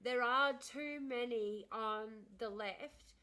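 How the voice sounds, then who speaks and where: A woman's voice: on the high side, slow, sharp tone, smooth, rough recording. A woman hosting a livestream, chatting casually and telling rambling stories. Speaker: livestream host. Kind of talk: casual chat.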